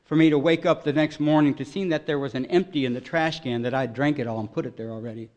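A man giving an earnest, emotional personal testimony at a recovery meeting, voice swelling loud at its peaks. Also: mid-range voice, fast, muffled recording.

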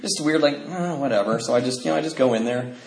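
A man's voice: medium pitch, fast talker, creaky. Rambling man sharing his recovery story. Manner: rambling, many restarts, acts out other people's lines. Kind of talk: personal testimony, storytelling. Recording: roomy echo, faint noise.

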